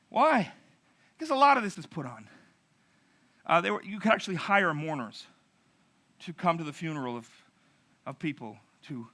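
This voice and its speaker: Male preacher, middle-aged, lively storyteller, slightly high and bright. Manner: animated storytelling with acted-out voices. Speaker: pastor. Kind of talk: narrative sermon.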